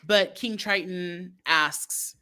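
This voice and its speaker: A woman's voice: lowish voice, very slow, pushed and bright, clean tone. A woman co-hosting a podcast, recapping a movie in a chatty, sarcastic way with lots of "like.". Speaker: podcast co-host.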